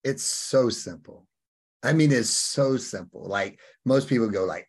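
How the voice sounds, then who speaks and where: Emphatic husky man coaching. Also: mid-range voice, a little slow. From Alabama, US. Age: middle-aged. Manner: emphatic, acts out quoted voices, punchy phrasing. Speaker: podcast guest, life coach. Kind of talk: animated conversational interview answer.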